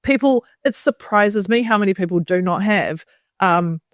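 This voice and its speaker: A woman's voice: mid-range voice, moderate pace, no room sound, clean studio sound. A woman co-hosting a podcast, speaking in an opinionated, emphatic way in casual chat. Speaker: podcast co-host.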